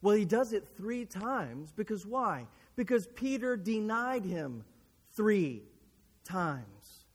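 Slow, earnest high-voiced male preacher. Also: big pitch swings, breathy edge, big-room sound. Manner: earnest storytelling with rhetorical questions. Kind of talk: sermon.

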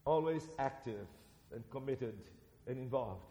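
Brazilian-accented preacher in an echoing hall. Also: male voice, medium pitch, a little slow, lo-fi sound. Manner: animated, swings between loud and soft. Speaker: preacher and seminary teacher. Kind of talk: sermon. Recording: reverberant hall.

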